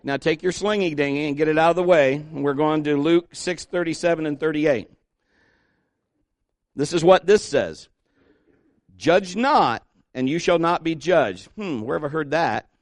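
A middle-aged man preaching a chatty sermon in a fairly high voice, with an occasional joke. He slows right down to stress the verses he reads aloud. The sound is dry, with no room echo. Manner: conversational, joking, with fillers and restarts, slows to stress scripture. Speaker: pastor.

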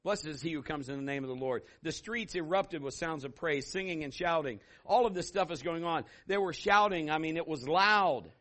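A middle-aged man preaching a sermon as pastor, telling stories and acting out voices with sudden loud bursts. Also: a little high, normal speed, few pauses.

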